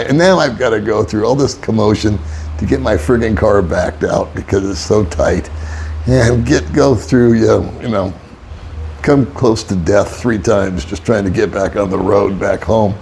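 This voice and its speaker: A man's voice: fairly low pitch, gravelly, a little mellow, slight background noise. An older man, an expat vlogger, telling a rambling, wry story in casual monologue and chuckling often. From United States.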